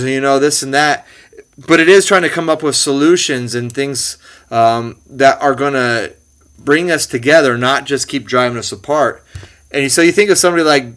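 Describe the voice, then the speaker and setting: A man in his forties from the Bay Area hosts a casual podcast chat. He rambles, restarts and fills pauses as he thinks aloud. His voice is bright and crisp, sitting at a middle pitch. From California Bay Area. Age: 40s. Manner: rambling, many fillers and restarts. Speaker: podcast host. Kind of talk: casual conversation.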